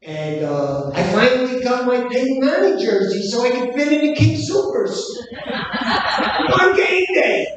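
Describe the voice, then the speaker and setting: Slow-talking New York comic in his seventies. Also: very high-pitched, very animated. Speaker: stand-up comic. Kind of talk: stand-up comedy set. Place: comedy show venue. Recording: echoey hall from far off, noisy crowd.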